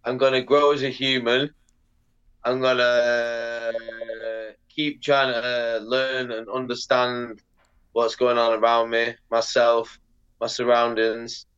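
A man talking as a guest on a casual podcast interview, animated, swearing a lot and filling his speech with "like". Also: medium pitch, takes it slowly, smooth, muffled recording. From Britain. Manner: animated, heavy swearing, lots of "like" fillers. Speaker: podcast guest, pro skateboarder.

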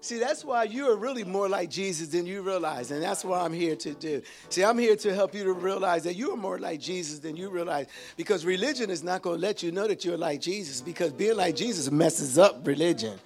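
A man preaching a sermon as pastor, swinging between hushed asides and shouted calls to the congregation. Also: high-pitched, a little fast, few pauses, faint music behind. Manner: animated, call-and-response preaching with sudden shifts from hushed to shouted.

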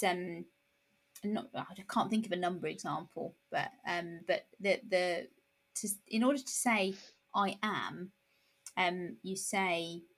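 A woman in casual conversation, talking thoughtfully with frequent restarts and pauses. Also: medium pitch, slightly rough.

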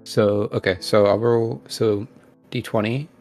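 A man's voice: on the low side, steady tone, a little slow, darkish tone, faint music behind. A man player at a tabletop game, hesitant and laughing now and then, a bit away from the mic.

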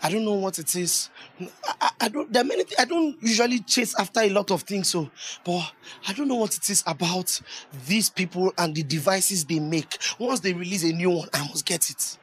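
High-voiced preacher. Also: male voice, fairly quick, breathy edge. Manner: lively and conversational, often laughing and asking the audience questions. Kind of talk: sermon.

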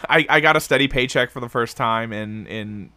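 A man's voice: medium pitch, normal speed, bright, forceful tone, clean tone, dry recording. A man co-hosting a podcast in casual chat, rambling with restarts, swearing freely and laughing. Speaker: podcast co-host.

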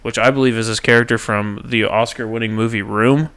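A man's voice: mid-range voice, fairly even intonation, a little fast, fairly bright tone, clear, resonant tone. A man hosting a casual podcast chat, joking around loosely, swearing freely and tripping over his words. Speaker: podcast host.

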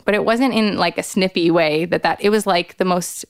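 A woman's voice: moderate pace, few pauses, clean tone, no room sound, clean studio sound. A woman in her thirties, a podcast guest, telling a personal story earnestly with many "like" fillers. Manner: animated, acts out quoted voices with big jumps in pitch; frequent "like" fillers, earnest and expressive. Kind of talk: candid storytelling in a conversation.

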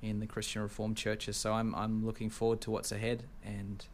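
A young man with an Australian accent, speaking in an earnest, measured way about entering ministry training, with a light sense of humor. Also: lowish voice, completely flat delivery, slight background noise. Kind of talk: casual interview chat.

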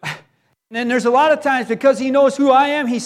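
High-voiced preaching man. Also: steady tone, a little fast. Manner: conversational preaching with sudden loud acted cries. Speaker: pastor. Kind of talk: sermon.

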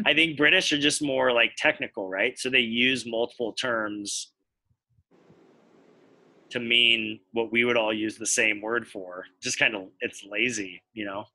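A man's voice: mid-range voice, fairly even intonation, a little slow, bright, forceful tone. An American man co-hosting a podcast, explaining things at length in casual chat while thinking aloud. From United States. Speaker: podcast co-host.

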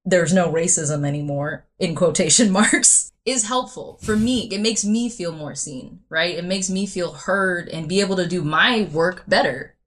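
A woman speaking as a podcast guest in casual conversation, animated and laughing often. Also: on the low side, normal speed, hardly any pauses.

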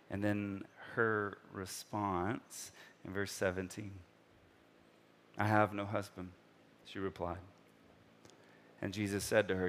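Pastor, male, lowish voice, casual sermon delivery, animated retellings, from hushed to loud. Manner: conversational, many fillers like "like", acts out scripture dialogue; swings from soft and slow to loud and excited.

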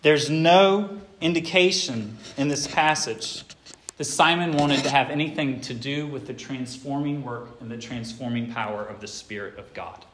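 A middle-aged man preaching a sermon to his church, swinging between loud emphatic stretches and quieter ones. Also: mid-range voice, moderate pace. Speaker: pastor.

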